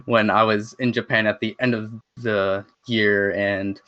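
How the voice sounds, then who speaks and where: A man's voice: lowish voice, flat delivery, unhurried, fairly bright tone. A man telling a story in a casual online chat, laid-back with trailing asides. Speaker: podcast co-host. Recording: dull lo-fi online call audio.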